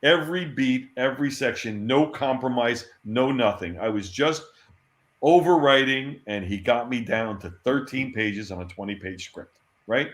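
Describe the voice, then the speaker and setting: A man being interviewed, telling animated anecdotes and laughing often. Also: mid-range voice, normal speed. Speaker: interview guest. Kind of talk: storytelling in an interview. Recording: roomy echo.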